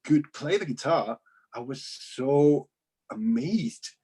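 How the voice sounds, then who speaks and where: Relaxed Mexican man with faintly British English. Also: medium pitch, slow, husky. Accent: slightly British-sounding English. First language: Spanish. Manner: relaxed, hesitant with many fillers. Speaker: musician and composer, guest. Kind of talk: casual interview chat.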